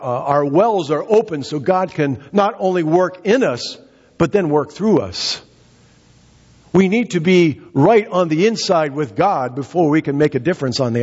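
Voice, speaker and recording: Male pastor, husky and slightly high-pitched, earnest preaching full of restarts, captured on a muffled, reverberant church recording. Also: a little mellow. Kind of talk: sermon with prayer.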